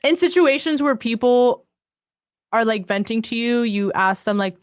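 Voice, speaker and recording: A woman's voice: a little high, normal speed, clear, resonant tone, no room sound, studio quality. A woman co-hosting a casual podcast chat, talking freely with lots of "like" and "you know". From Miami area. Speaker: podcast co-host.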